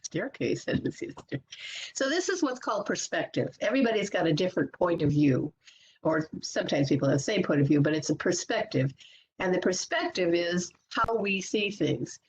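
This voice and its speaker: A woman positivity coach giving a lively webinar talk from a computer mic, acting out everyday self-talk. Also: lowish voice, a little fast, a little hiss or hum. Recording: muffled lo-fi webinar audio.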